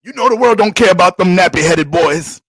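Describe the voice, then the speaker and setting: A man's voice: mid-range voice, very animated, quick pace, dry recording. A man putting on the voice of a strict, cold, detached father who speaks curtly. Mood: stern. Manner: curt, detached, gruff.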